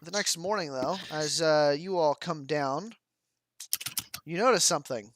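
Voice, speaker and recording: A young man narrating as game master of a tabletop role-playing game, relaxed and rambling. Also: on the high side, a little slow, slight background noise.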